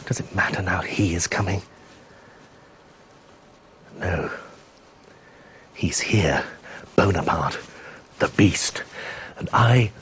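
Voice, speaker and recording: A man's voice: on the low side, a little hiss or hum. An actor playing an anxious, brooding Russian nobleman in a radio drama, hesitant and often murmuring to himself.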